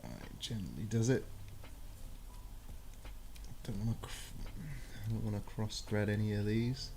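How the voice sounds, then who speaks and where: A man's voice: on the low side, a little slow, darkish tone, slight background noise. A man with a regional British accent chatting casually on a live stream, talking himself through fiddly work as he goes. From United Kingdom. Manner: chatty, mutters coaxingly to himself while working. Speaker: streamer doing console repairs.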